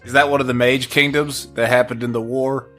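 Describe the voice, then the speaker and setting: A man's voice: mid-range voice, little pitch movement, fairly quick, sharp tone, soft background music. A man playing a tabletop game, asking playful questions. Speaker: player. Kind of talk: tabletop role-play.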